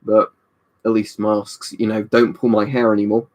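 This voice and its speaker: A young man talks through a relaxed live stream from his room at home, his voice sitting a little low. He rambles from one viewer's comment to the next, full of "um" and "you know". He is a touch tipsy from a drink. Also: moderate pace. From United Kingdom. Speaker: livestream host.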